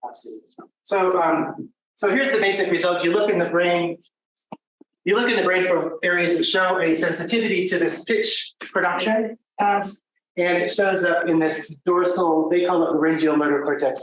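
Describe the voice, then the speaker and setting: Man lecturing in an echoey room. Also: a little high. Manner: conversational, with many fillers and restarts. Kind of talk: academic lecture. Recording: echoey room from a distant mic, faint noise.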